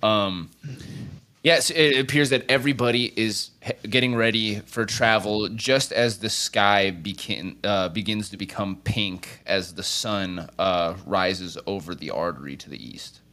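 A man's voice: lowish voice, unhurried, pushed and bright. A man narrating as game master of a tabletop game, rambling and laughing as he describes the scene. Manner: laughing, rambling, full of fillers.

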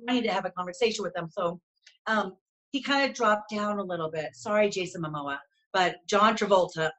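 A woman co-hosting a talk show, telling fan stories in a gushing, animated way. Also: medium pitch, a little fast, low-quality recording. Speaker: co-host. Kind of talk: casual chat.

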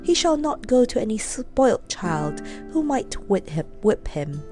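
A woman's voice: a little high, big pitch swings, a little slow, dark tone, soft background music. A woman voicing a firm but kindly male farmer in a storybook reading.

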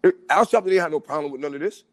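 A man in casual chat, talking in an animated, street-style way and often asking "you know what I'm saying". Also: a little high, rapid-fire, no room sound.

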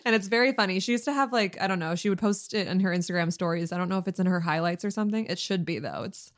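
An American woman with a fairly low voice talks fast as a podcast co-host. Her casual chat is loose and chatty, full of fillers and frequent laughter.

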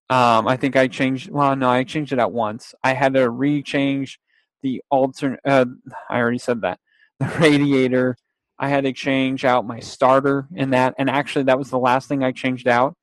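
A man's voice: mid-range voice, dry recording. A young man telling a long casual story with restarts and quotes, in a dry, close recording. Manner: rambling, with restarts, laughs and acted-out quotes.

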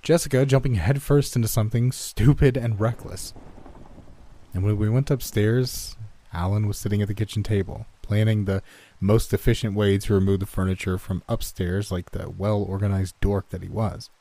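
Low mellow-voiced male storyteller. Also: steady tone, normal speed, dry recording. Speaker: narrator. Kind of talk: first-person story narration.

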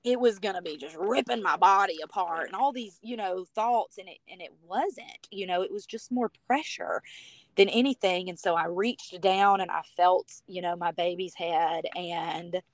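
A woman's voice: fairly low pitch, moderate pace, dry recording. A woman from the United States telling her personal story as a guest on a podcast, chatty and heartfelt, with lots of "you know" and "like".

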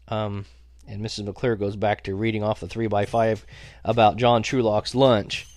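A man's voice: lowish voice, little pitch movement, normal speed, darkish tone, dry recording. A man narrating a teen story as an audiobook, in a wry, sarcastic tone that breaks into laughs.

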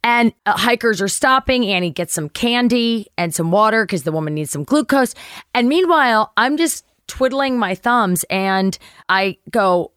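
Animated woman telling a story in a dry recording. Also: fairly high pitch, moderate pace, clean tone, dry recording. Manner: animated, acts out quoted voices, swears casually. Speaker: guest actress. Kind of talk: storytelling interview chat.

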